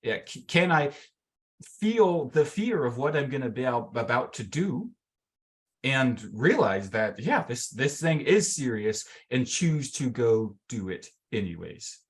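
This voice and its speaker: With a medium-pitched voice that's very animated and a little slow, a man coaches a video-call workshop on mental fitness. His talk is casual and filler-heavy, and he acts out inner voices.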